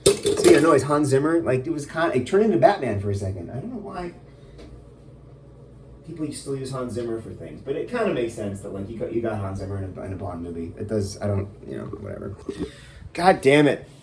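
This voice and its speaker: A man's voice: medium pitch, big pitch swings, brisk. Brief: man in his thirties, casual rambling film rant recorded on a phone in his kitchen, heavy swearing, faint noise behind. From United States. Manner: swears a lot, rambling and exasperated. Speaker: vlogger reviewing a film. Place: home kitchen, cooking.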